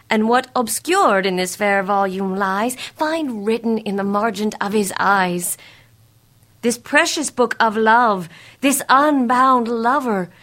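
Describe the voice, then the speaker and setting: A woman's voice: on the high side, fairly bright tone. An actress playing a formal noble mother who presses her daughter to marry, in a Shakespeare reading. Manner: measured and formal.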